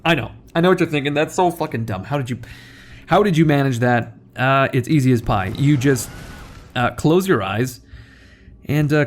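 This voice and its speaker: A young man giving casual, rambling game commentary, joking and self-deprecating as the host. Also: mid-range voice. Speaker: gaming video host.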